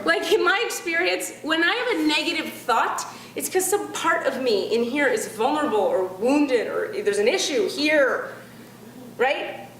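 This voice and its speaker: A woman doing stand-up comedy in a chatty, animated way, often asking the audience questions. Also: high-pitched, a little slow, reverberant, a little hiss or hum.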